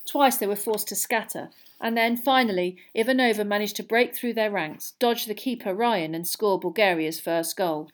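A woman narrates a storybook in a steady reading voice. Her pitch sits in the middle range. She keeps the delivery clear and even. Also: normal speed, few pauses. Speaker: audiobook reader.

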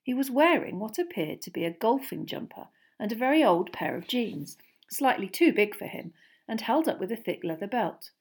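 A woman narrating an audiobook chapter in an even, measured storytelling voice. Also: a little high.

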